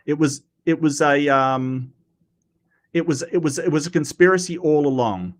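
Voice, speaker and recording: A man hosting a casual livestream, animated and self-mocking, often stumbling over his words. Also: on the high side, normal speed. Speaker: host.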